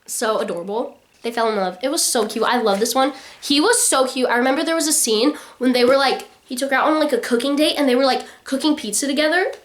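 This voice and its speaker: A woman's voice: sits high, fast, few pauses. A young woman vlogging casual book reviews, chatty and full of "like" fillers.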